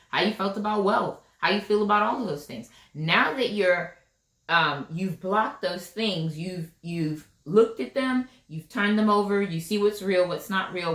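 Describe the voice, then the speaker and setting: A woman gives a casual tarot reading in an echoey room, chatty and emphatic, repeating phrases and often checking in with "right?". Her mid-range voice is slightly bright and moves at a normal speed.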